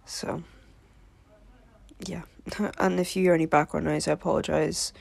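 A woman who is unwell, speaking in a low, gravelly, raspy voice while lying in bed, softly and partly in a whisper. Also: little pitch movement. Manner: soft-spoken, half-whispered, slow, with small laughs. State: unwell, voice hoarse. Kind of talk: intimate spoken audio.

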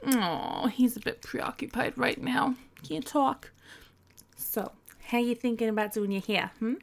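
A woman's voice: a little high, measured pace, gravelly. A woman acting out a teasing, bossy young woman in a scripted audio role-play, giggling and scolding in mock disgust.

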